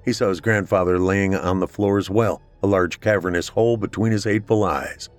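A man narrating a scripted horror story in a steady, measured way. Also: deep voice, soft background music.

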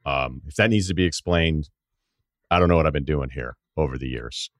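A man's voice: extremely low pitch, fairly quick, fairly bright tone, no room sound. A man hosting a sports podcast, chatting casually and rambling with self-deprecating asides into a studio microphone. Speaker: podcast host.

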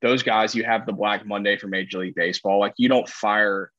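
A man with a fairly low voice talks soccer in an easygoing, rambling way, full of "you know" and restarts. The sound is dry and close, with a slightly dull, muffled top end. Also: fairly even intonation, a little fast, bright, forceful tone, no echo. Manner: rambling, many fillers and restarts. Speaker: podcast co-host, soccer analyst. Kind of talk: casual sports chat.

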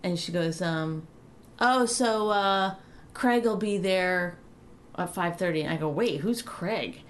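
A woman comedian co-hosting a podcast, chatting casually and telling profane, animated stories. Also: lowish voice, takes it slowly. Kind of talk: casual chat.

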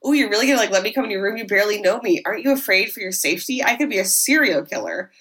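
A woman's voice: mid-range voice, lively intonation, racing, a bit bright, lightly acted. Woman voicing a coy, teasing young woman.

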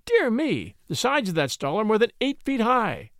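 A man reading an audiobook, voicing a spirited, excitable young woman who gushes and teases sweetly. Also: high-pitched, moderate pace, dry recording, clean studio sound, voice pushed up, heavily acted. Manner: breathless, gushing, sweetly teasing.

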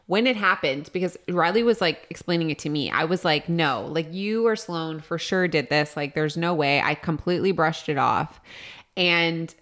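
A woman with a fairly low voice talking casually as a podcast co-host. She keeps cutting in to correct and add details. She sounds like she is in her thirties. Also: normal speed, a bit bright. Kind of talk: casual chat.

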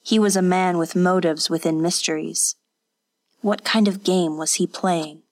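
A woman narrating an audiobook in a measured, unhurried manner. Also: lowish voice, steady tone, a little mellow.

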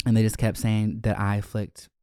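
A man's voice: lowish voice, monotone, moderate pace, dark tone, smooth, dry recording, studio quality. A young adult man hosting a podcast, telling childhood stories in a candid, profane, joking way. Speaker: podcast host. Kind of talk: casual storytelling.

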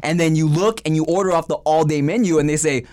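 A man's voice: a little high, fast talker, darkish tone, no echo, clean studio sound. A young man co-hosting a podcast in casual, joking chat. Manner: joking, slips into put-on accents. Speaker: podcast co-host.

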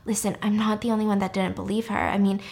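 A woman voicing a careless young mother who gushes high and fast, then turns defensive and pleading. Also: level tone, creaky, a little mellow, natural voice. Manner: high gushing chatter, turning flustered and pleading. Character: bubbly tipsy young mom, careless and defensive.

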